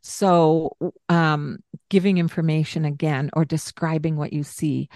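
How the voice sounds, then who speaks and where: A woman co-hosting a parenting podcast, calmly explaining and acting out gentle things to say to a child. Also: sits low, measured pace, dry recording, studio quality. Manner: calm, explanatory, acts out gentle parent lines. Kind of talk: conversational advice.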